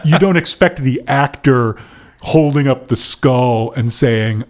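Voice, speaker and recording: Man, podcast co-host, casual chat, reading listener letters, middle pitch. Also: a little slow. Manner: reads letters aloud, playful mock accents.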